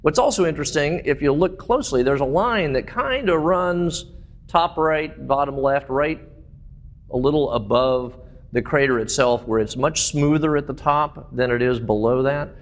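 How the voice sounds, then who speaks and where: A man's voice: fairly high pitch, moderate pace. Enthusiastic man giving a public talk. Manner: enthusiastic storytelling with fillers. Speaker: presenter.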